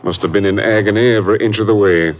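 Actor as stern ranger captain, low grave delivery, muffled vintage broadcast. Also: male voice, fairly even intonation, fast talker, a little hiss or hum, lightly acted. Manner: grave, matter-of-fact. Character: grim middle-aged male ranger captain. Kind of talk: 1950s radio drama acting. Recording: muffled old radio broadcast.

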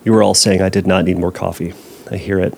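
A man hosting a podcast, answering a listener's question in a casual, animated way, acting out anxious thoughts and making jokey asides. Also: deep voice, quick pace, gravelly, a little hiss or hum. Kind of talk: casual advice talk.

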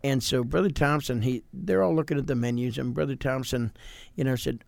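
A man, a pastor hosting a podcast, telling a funny story with animated delivery. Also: medium pitch, moderate pace, gravelly, dry recording. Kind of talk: storytelling chat.

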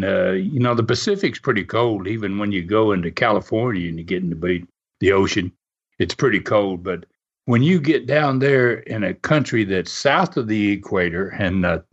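A man's voice: fairly low pitch, moderate pace, slightly rough. A man telling a casual anecdote in a rambling way, chuckling often and filling gaps with "uh" and "you know.". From United States. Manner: animated, rambling, chuckles often, many fillers. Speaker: storyteller. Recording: muffled lo-fi recording.

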